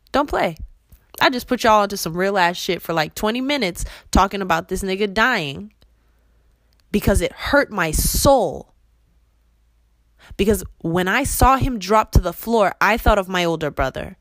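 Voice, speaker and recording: A young woman hosting a podcast, delivering a blunt, profane, impassioned monologue that swings between yelling and quiet intensity. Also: lowish voice, no echo, studio quality. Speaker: podcast host.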